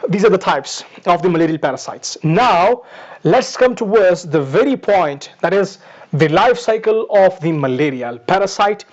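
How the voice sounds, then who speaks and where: Male lecturer, high voice, patient repetitive teaching, muffled lo-fi sound. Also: darkish tone. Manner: repetitive, explains step by step, addresses students as "my dears". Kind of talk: pharmacology lecture. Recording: dull lo-fi recording.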